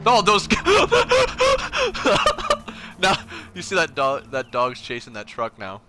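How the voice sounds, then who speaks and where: A man chatting and swearing loudly while playing a co-op shooter with friends, reacting with quick outbursts and laughter. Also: high voice, wildly swooping pitch, very noisy. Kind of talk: casual gameplay chat.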